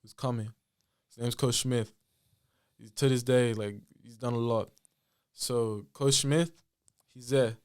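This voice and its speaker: A young man, a podcast guest telling a story in a lively, casual way with lots of fillers. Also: mid-range voice, slow pace, pauses often, clean tone. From Australia. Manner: animated, full of fillers and acted-out quotes. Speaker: podcast guest, basketball player.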